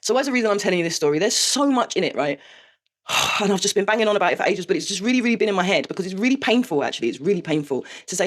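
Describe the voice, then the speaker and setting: Brief: woman, vlog confessional, rapid and blunt, curses freely. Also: mid-range voice, lively intonation. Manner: frank and swearing, with rueful laughs. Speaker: vlogger. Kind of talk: candid confessional monologue.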